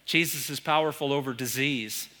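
A man's voice: medium pitch, normal speed, bright, forceful tone. A man with an American accent preaching a sermon from a church stage, retelling stories and asking the congregation questions. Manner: storytelling, with rhetorical questions to the congregation. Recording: long hall reverb.

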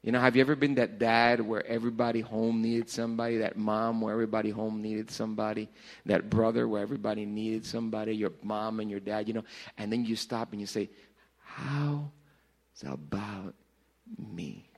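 A man preaching a sermon to a congregation in a church, animated and joking with the crowd as their pastor. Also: fairly low pitch, fast. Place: church service before a congregation.

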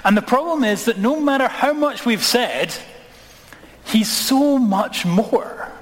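A man's voice: very high-pitched, lively intonation. Man preaching in a reverberant hall. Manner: dramatic slowing and dropping voice on key words; engaging questions to the congregation. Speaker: pastor. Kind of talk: sermon.

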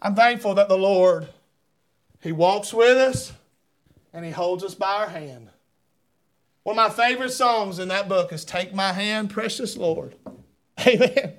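A middle-aged man preaching a sermon, fervent, swinging between loud shouts and hushed asides. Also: high-pitched, unhurried, pauses often.

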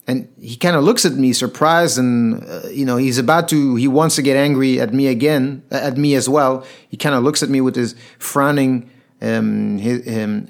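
A man telling a personal story to an audience in an earnest, reflective way. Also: medium pitch.

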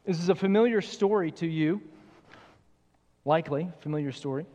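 A man preaches a sermon in a fairly high voice, earnest and searching as he puts question after question to the congregation. His words ring out with the long reverb of a church hall. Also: moderate pace, dark tone. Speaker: pastor.

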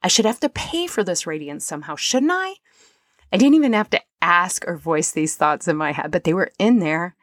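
A woman's voice: on the low side, lively intonation, a little fast, hardly any pauses, dry recording. A woman hosting a podcast, talking earnestly and emotionally about a personal experience, at moments close to tears. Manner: soft, earnest and emotional, at times near tears. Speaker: podcast host. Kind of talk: personal reflective monologue.

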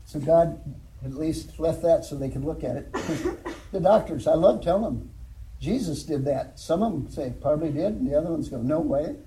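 An older man shares his church testimony in a folksy, storytelling manner, chuckling now and then. His voice sits high for a man and sounds very dark and mellow in tone. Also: animated, normal speed, a little hiss or hum, low-quality recording. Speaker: former alcohol counselor giving testimony.

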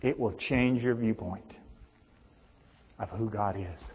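A middle-aged male pastor preaching a sermon, swinging between loud emphatic peaks and hushed low tones. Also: takes it slowly, husky. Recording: dull reverberant hall sound.

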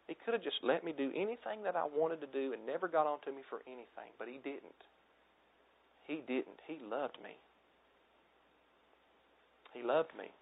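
Earnest thirties preacher, tinny lo-fi audio. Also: male voice, medium pitch, creaky. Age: 30s. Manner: earnest, exhorting preacher, drops to soft tones for emphasis. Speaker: pastor. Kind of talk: sermon.

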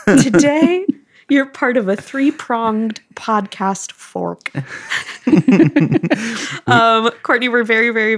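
A bubbly woman co-hosting a music podcast in relaxed conversation. Her voice sits in a middle register and she laughs easily between remarks. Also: medium pitch. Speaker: podcast co-host. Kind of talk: casual podcast chat.

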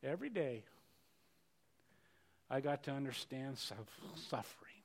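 A middle-aged male pastor preaching a sermon earnestly, repeating words and swinging between loud rises and quiet passages. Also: mid-range voice, animated, measured pace.

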